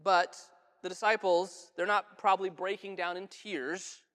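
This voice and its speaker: Earnest high-voiced preacher in a reverberant church. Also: male voice, flat delivery, a little slow. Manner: earnest, conversational preaching with soft, hushed quotes. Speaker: pastor. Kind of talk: sermon. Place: church sanctuary. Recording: church sanctuary with long reverb.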